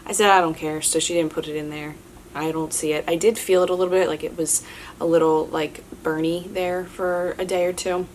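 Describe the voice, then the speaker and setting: Low-voiced young woman rambling casually to camera, lots of likes and ums, a bit of hiss behind her. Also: fairly even intonation, fairly quick, darkish tone. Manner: chatty, many fillers and restarts, candid. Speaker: vlogger answering viewer questions. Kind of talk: casual chat.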